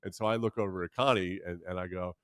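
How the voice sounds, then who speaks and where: A man in his sixties guests in a candid interview, his voice sitting low with a steady, fairly bright, clean tone, captured at studio quality with no room sound. He tells animated stories in a halting way with frequent restarts, giving voices to the people he quotes.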